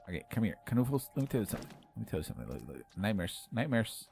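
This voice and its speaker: Lively, playful male game streamer. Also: fairly low pitch, racing, creaky, faint music behind. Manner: playful, chatty, bursts into loud exclamations; argues jokingly with chat. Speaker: livestream host playing a game with viewers. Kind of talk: live gaming commentary.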